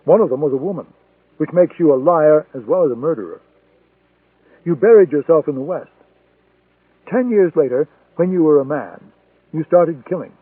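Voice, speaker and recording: A man's voice: on the high side, animated, moderate pace, long pauses, slightly rough, dry recording. A man voicing a defiant male intelligence agent who speaks in a cold, accusing way. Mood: coldly accusing. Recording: tinny phone-like sound, dry.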